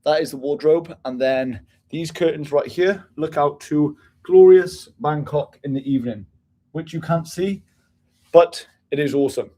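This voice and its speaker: An energetic man talking casually to his viewers from his apartment, swearing freely as he chats. His voice sits a little high for a man. The room gives the sound a noticeable echo. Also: unhurried. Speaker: travel vlogger. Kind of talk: casual chat to camera.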